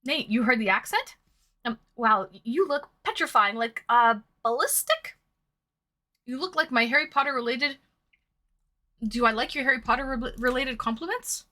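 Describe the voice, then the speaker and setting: At a moderate pace, a woman speaks in a fairly high, pushed and bright voice. She's a Massachusetts-accented streamer from Massachusetts who hosts online dates, casually eating and chatting into a webcam mic. She reads chat aloud and eats between words.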